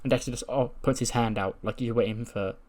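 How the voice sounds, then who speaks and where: A man's voice: mid-range voice, fairly even intonation, brisk, a little mellow. A man giving a casual, rambling recap of a wrestling game, swearing and laughing at results. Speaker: game commentator.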